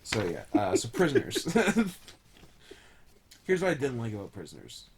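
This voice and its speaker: A man's voice: mid-range voice, huge pitch swings, unhurried, slight background noise. A man co-hosting a podcast, chatting casually with a joking, irreverent manner and frequent laughs. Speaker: podcast co-host. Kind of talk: casual chat.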